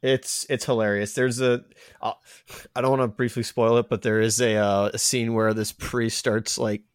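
A man's voice: medium pitch, flat delivery, moderate pace, clean tone, no room sound, clean studio sound. A man co-hosting a casual movie commentary, recounting a scene with amusement. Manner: amused, laughing storyteller. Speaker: podcast co-host.

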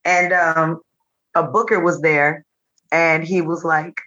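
Low, bright-voiced woman telling stories. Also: brisk, highs cut off. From Nashville. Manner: animated storyteller who acts out quotes. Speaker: comedian and teacher, podcast guest. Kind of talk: casual interview chat.

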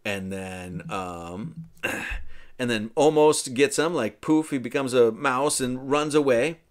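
A man's voice: mid-range voice, takes it slowly. A man hosting a podcast, casually walking through a film scene and thinking aloud with frequent restarts and asides. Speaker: podcast host.

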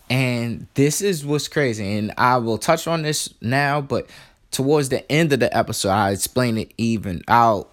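A man's voice: medium pitch, fairly bright tone. A man casually telling a personal story on his podcast, in a slangy, laid-back way with lots of fillers.

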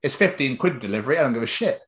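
A British man in relaxed podcast banter, whose bright, ringing voice swings widely up and down as he jokes. He swears freely and slips into quick mock voices to act out little scenes. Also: mid-range voice. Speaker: podcast host. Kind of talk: casual banter.

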